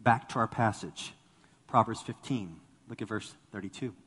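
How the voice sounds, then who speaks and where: A man's voice: on the low side, normal speed, a bit bright, slightly rough, big-room sound. A man preaching a sermon as a pastor to a congregation, talking animatedly and acting out the people he quotes. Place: church sanctuary with congregation.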